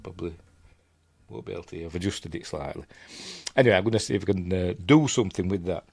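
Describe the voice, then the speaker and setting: A middle-aged Yorkshire man chats on a live stream, rambling and poking fun at himself. His voice sits low, and the sound is dry and close. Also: fast talker, vocal fry, a little mellow, slightly rough, no room sound. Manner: rambling, self-mocking, chatty asides. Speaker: host of a live movie show. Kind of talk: casual live-stream chat. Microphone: desk mic, level being adjusted.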